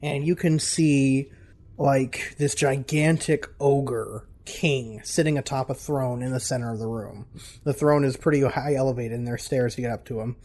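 A man's voice: medium pitch, steady tone, normal speed, darkish tone. A young man narrating as game master of a tabletop game, casual and laughing often.

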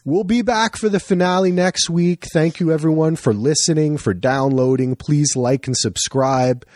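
A man hosting a podcast, chatting casually with friends in an animated, profane, rambling way. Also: fairly high pitch, moderate pace, no echo, studio quality. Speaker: podcast host.

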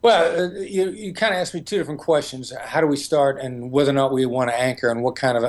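A man's voice: mid-range voice, quick pace. A man as an interview guest, explaining negotiation tactics and acting out remembered conversations. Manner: storytelling, acts out quoted exchanges.

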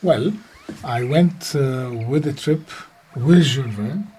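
Halting man guest. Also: mid-range voice, warm tone, slightly rough. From Egypt. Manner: halting, searching for words. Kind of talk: casual interview chat.

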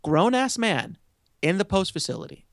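Excitable, gravelly-voiced man telling stories. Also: high voice, normal speed, no room sound, studio quality. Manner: animated, excitable storyteller who laughs often; self-mocking, lively anecdote telling. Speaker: podcast guest, filmmaker. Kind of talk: casual interview storytelling.

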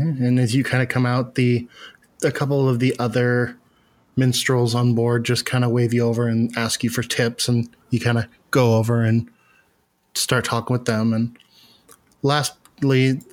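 A man narrating as game master of a tabletop game, relaxed and casual with many fillers. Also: mid-range voice, measured pace.

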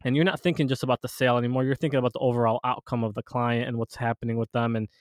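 A man's voice: mid-range voice, level tone, very fast, no room sound, clean studio sound. A man hosting a podcast in casual chat, rambling with many restarts and fillers. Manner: rambling, full of restarts and "you know". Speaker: podcast host.

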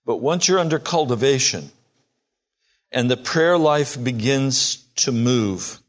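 Taking it slowly with lively intonation, a sixty-something man preaches with emphasis. His voice lifts higher each time he enacts a quoted prayer.

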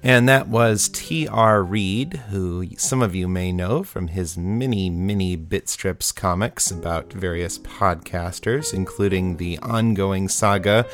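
A man hosting a podcast, chatting casually and playfully about listener feedback. His voice sits on the low side, and he sounds eager and upbeat throughout. Faint guitar music plays underneath. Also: takes it slowly, hardly any pauses. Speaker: podcast host.

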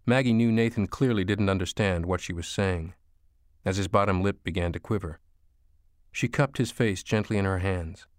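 A man reading an audiobook as narrator, slow and hushed storytelling. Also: fairly low pitch, dry recording, clean studio sound. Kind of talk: scripted narration.

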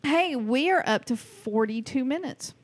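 A woman's voice: sits high, animated, a little slow. A woman with a Southern US accent hosting a podcast in casual chat, joking and frank, laughing easily. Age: adult, married. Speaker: podcast host and stand-up comic.

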